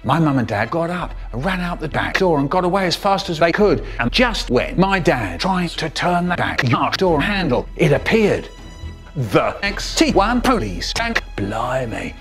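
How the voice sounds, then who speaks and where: A man telling a spliced-together comic story in an animated voice that jumps into sudden squeaky highs. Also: normal speed, soft background music.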